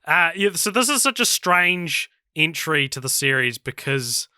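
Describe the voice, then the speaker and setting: A man's voice: fairly high pitch, sing-song, measured pace, sharp tone, clear, resonant tone, no echo, clean studio sound. A man co-hosting a casual film podcast, chatty and jokey, laughing often. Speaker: podcast co-host.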